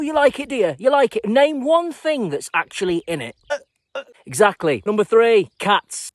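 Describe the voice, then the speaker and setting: A man's voice: high voice, no room sound. A man delivering a sarcastic, mocking comedy monologue in a scripted style.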